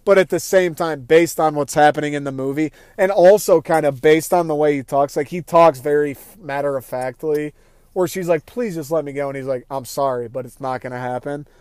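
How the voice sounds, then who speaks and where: A young man hosting a casual, rambling movie-review podcast, swearing freely and acting out his own reactions in quick asides. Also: a little high, clean tone, no room sound, studio quality. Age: young adult. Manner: rambling, excitable, profane, acts out quoted thoughts. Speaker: podcast host.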